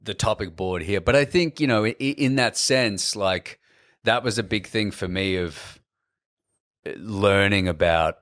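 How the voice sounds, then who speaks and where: Deep-voiced Australian man chatting. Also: a little slow, no echo, clean studio sound. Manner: chatty, animated, many restarts. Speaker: actor, podcast guest. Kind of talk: casual podcast chat.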